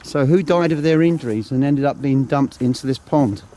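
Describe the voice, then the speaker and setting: A man from England hosting a ghost hunt in a cemetery, calmly and politely addressing the spirits. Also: medium pitch, normal speed. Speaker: paranormal investigator and host. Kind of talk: ghost hunting commentary outdoors. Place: outdoors in a cemetery and woods. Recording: loud outdoor background noise.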